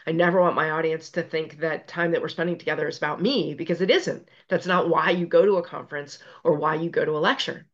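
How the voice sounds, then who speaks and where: A middle-aged woman, a physician and resilience expert, telling stories in an interview with an animated, self-deprecating way of talking. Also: low-pitched, muffled recording. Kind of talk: conversational interview storytelling.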